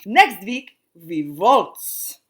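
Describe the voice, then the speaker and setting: A woman putting on a larger-than-life dance teacher from a storybook, booming and theatrical. She stretches every word out slowly and loudly, pitched a little high in an unusual tone, with lively rises and falls. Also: exaggerated voice. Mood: delighted. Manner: booming, drawn-out exclamations.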